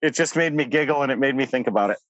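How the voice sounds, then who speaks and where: A man's voice: medium pitch, rapid-fire, a bit bright, dry recording, lo-fi sound. Eager man explaining on a podcast. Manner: enthusiastic and explanatory. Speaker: podcast co-host. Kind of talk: casual podcast chat.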